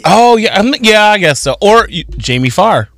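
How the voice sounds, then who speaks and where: A man co-hosting a casual radio chat show, playful and quick to laugh. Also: high-pitched, very animated, creaky, fairly bright tone, dry recording. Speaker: radio co-host.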